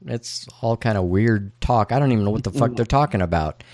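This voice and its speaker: A man's voice: fairly low pitch, expressive, a little fast, a little mellow, no echo, clean studio sound. A man hosting a casual podcast, recapping a TV episode in a laid-back, profane, amused way. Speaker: podcast host.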